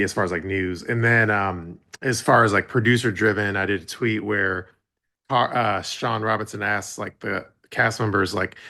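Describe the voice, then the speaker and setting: A man's voice: lowish voice, sharp tone. A man co-hosting a casual podcast recap, laid-back and talking with many fillers. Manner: laid-back, recounting his own posts with many fillers. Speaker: podcast co-host.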